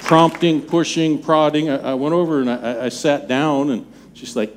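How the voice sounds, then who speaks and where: A man in his seventies, a pastor preaching a sermon in a church, talking in a conversational, halting way with many restarts. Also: a little high, steady tone, a little hiss or hum. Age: 70s. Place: church sanctuary.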